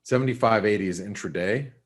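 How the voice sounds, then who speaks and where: Deep-voiced man talking through forex charts. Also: quick pace. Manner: conversational, thinking aloud with restarts and asides. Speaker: forex market analyst. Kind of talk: live trading webinar commentary.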